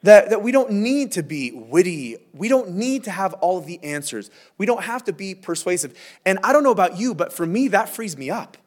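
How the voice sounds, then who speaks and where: A male pastor giving a verse-by-verse sermon, earnest and emphatic, dropping to a low hush on key points. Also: sing-song, normal speed. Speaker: lead pastor.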